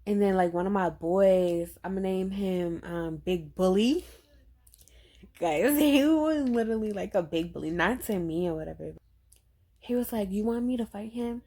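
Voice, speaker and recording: A young woman telling a story to her viewers in a relaxed, unhurried way. Her voice is mellow and a little dark. She acts out the lines other people said in a chatty, lively way. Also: mid-range voice. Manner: chatty, animated retelling with acted-out quotes. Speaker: vlogger. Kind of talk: casual storytime.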